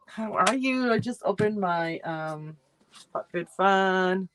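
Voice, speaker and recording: A woman's voice: mid-range voice, expressive, slow, background noise. A woman casually chatting on a livestream about subscription boxes, rambling with fillers and greeting viewers by name. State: feeling cold. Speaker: subscription box reviewer hosting a livestream. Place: home room.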